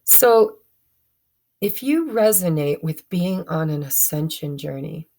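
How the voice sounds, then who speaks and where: Slow-talking woman reading tarot, gravelly. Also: deep voice, animated, mellow. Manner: chatty, stumbling, self-correcting. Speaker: tarot reader. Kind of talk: casual tarot reading to camera.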